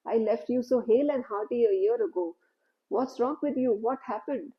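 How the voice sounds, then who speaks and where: A woman's voice: fairly high pitch, normal speed, muffled recording, lightly acted. A woman voicing a wise, loving old holy man who questions his disciple earnestly, in a told story. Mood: concerned, earnest.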